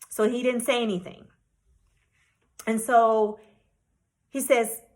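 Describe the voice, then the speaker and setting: Woman vlogger from the US, higher voice, indignant storytelling, acts out the dialogue. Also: normal speed, bright, forceful tone. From United States. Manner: indignant, repeating herself, acting out dialogue. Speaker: travel vlogger. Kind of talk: emotional storytelling.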